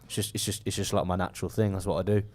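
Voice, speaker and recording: A man co-hosting a football podcast, giving blunt, dry takes and acting out flat mock dialogue. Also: low-pitched, racing. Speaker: podcast co-host. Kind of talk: casual chat.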